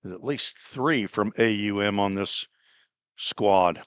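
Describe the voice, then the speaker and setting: A man calls a baseball game in an unhurried, conversational way, filling the gaps between pitches with casual remarks. His voice sits low, and the recording is dry and close, with no room sound. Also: clean tone, no echo. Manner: relaxed, chatty, laughs at own slips. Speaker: play-by-play announcer. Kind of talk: baseball play-by-play commentary.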